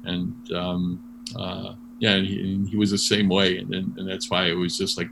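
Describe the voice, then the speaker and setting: A man telling a story in an interview, animated and full of restarts and fillers. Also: deep voice, normal speed, creaky. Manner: animated, many restarts, laughs while telling. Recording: noisy background hum.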